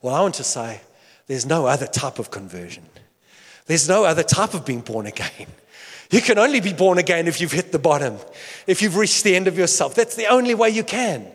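A man preaching a sermon with passion, swinging between loud outcries and hushed asides. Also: on the high side, very animated, a little fast, in a large hall. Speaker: pastor.

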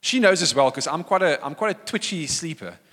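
A man's voice: a little high, animated, brisk, fairly bright tone. A man, a pastor, preaching a sermon in a church hall and acting out quoted voices with animation.

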